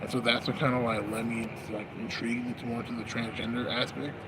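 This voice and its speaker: A vlogger on a night smoke break rambles casually on a noisy street with passing traffic, cursing and using slang as his thoughts drift. His mid-range voice moves fast with little change in pitch.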